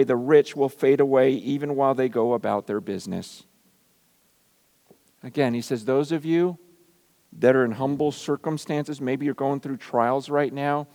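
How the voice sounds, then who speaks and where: Man in his forties preaching in a hall. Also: medium pitch. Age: 40s. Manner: swings between loud bursts and quiet, intimate asides. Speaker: pastor. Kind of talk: sermon.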